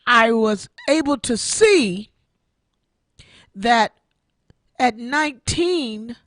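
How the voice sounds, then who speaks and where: Lady in her 60s hosting a radio stream, fairly high voice, emotional, preachy repeats. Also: lively intonation, very slow, dry recording, studio quality. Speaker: internet radio show host. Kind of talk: heartfelt personal testimony.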